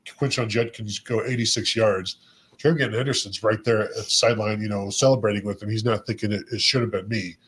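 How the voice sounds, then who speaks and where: A man co-hosting a sports podcast in casual chat, rambling with restarts, his voice going hoarse. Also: fairly low pitch, steady tone, a little fast. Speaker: podcast co-host. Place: convention center.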